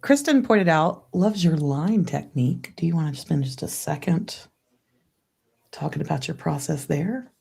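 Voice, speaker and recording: A woman's voice: low-pitched, animated, a little slow, gravelly, dark tone, husky. A woman co-host relaying viewer comments in casual chat, playful and self-deprecating with a touch of theatrical flair.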